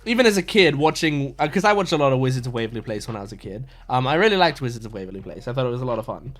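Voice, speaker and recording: A man's voice: mid-range voice, animated, very fast, fairly bright tone. A man in his twenties talking casually about an anime episode, enthusiastic and rambling, with lots of fillers and restarts. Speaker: anime reaction YouTuber.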